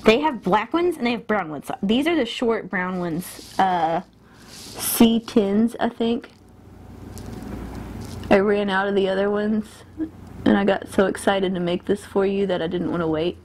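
An unhurried, slightly mellow woman's voice of medium pitch, with a touch of hiss or hum, belongs to a beauty vlogger filming a lash tutorial at an indoor mirror. Her chat is casual, and she often halts mid-sentence to laugh at her own slips while working.

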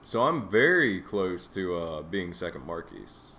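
A man casually commenting as he plays a strategy game, reacting with sudden high exclamations. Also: sing-song, unhurried, sharp tone, slight background noise. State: has the hiccups. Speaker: gameplay streamer. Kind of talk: casual let's play commentary.

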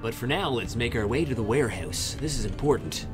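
A man's voice: mid-range voice, animated, a little fast. A young man chatting casually with viewers on a game livestream, swearing freely and answering chat. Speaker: game streamer. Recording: faint music behind the voice.

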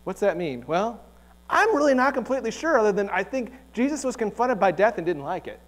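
Man, pastor; relaxed, joking sermon delivery, slightly high-pitched, church setting. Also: brisk. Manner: chatty, joking, asks rhetorical questions. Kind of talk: conversational sermon. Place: church sanctuary.

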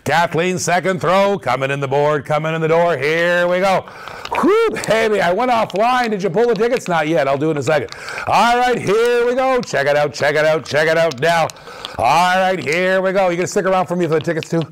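A man hosting a live auction stream, calling out dice throws with energetic, repetitive hype patter. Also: on the high side, a little fast, a little hiss or hum.

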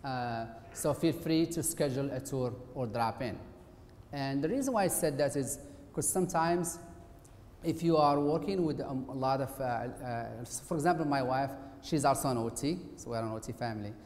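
A man's voice: mid-range voice, normal speed, darkish tone. A middle-aged man, an occupational therapist, giving a conversational, somewhat hesitant presentation lecture in a university auditorium. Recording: echoey hall with faint hiss.

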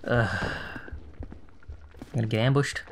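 A man's voice: mid-range voice, a little slow, vocal fry, slight background noise. A man casually commenting on his own gameplay, sarcastic and muttering to himself as he plays. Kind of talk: casual let's-play commentary.

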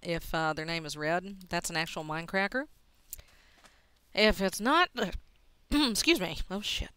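A young woman talking to herself while she plays a game, swearing often and muttering quietly between excited outbursts. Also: lowish voice, measured pace, smooth, dry recording. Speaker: gaming video host. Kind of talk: casual let's-play commentary.

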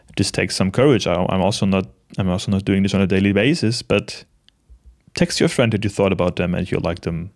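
A man in his late twenties talking to the camera in a casual, reflective monologue, gentle and halting, with many restarts and soft laughs. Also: low-pitched. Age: late 20s. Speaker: vlogger.

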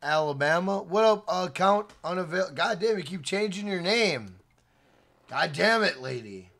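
A man live-streaming a video game, talking loudly to his chat with swearing and shout-outs. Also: high voice, animated, unhurried.

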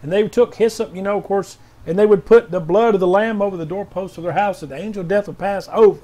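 Man reading prophetic words, high voice. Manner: reads each word slowly and loudly twice, then explains it in a quiet, halting aside. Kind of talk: informal prophetic reading with commentary.

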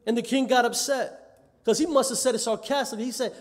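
A man's voice: very high-pitched, steady tone, fast. A man, a church elder, preaching a sermon with emphasis, repeating phrases and acting out the words of others. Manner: emphatic, repeats phrases, acts out quoted voices. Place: church sanctuary. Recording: church live stream with long reverb.

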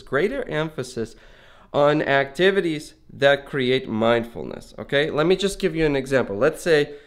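A man's voice: medium pitch, smooth. A man talking casually and earnestly in a rambling, reflective monologue while walking around. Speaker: vlogger.

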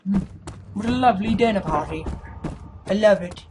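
This gaming video host commentates on a horror game in a high-sitting voice at normal speed, with background noise behind him. His take is sarcastic and jokey, and he swears now and then.

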